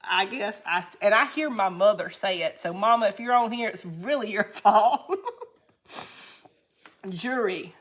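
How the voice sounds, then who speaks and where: A woman with a Southern US accent and a mid-range voice hosts a crafting livestream at a moderate pace. She chats casually with viewers, reads their comments aloud and laughs often.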